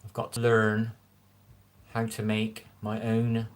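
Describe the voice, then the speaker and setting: A man's voice: on the low side, completely flat delivery, slow pace, slight background noise. A man in his forties with a strong West Country accent, chatting casually on a home livestream and rambling as he answers viewers' comments. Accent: West Country English. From England. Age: 40s. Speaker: livestream host. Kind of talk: casual live-stream chat. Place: room at home.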